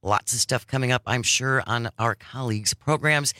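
A man's voice: medium pitch, moderate pace, bright, forceful tone, no room sound. A man hosting a radio talk show, chatting enthusiastically with a co-host and callers. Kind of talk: casual radio chat.

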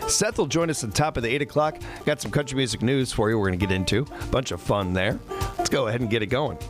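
A man's voice: medium pitch, fast, poor audio. A man hosting a country music radio show, talking in a folksy, rambling, self-deprecating way. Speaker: radio host. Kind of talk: casual radio show chat.

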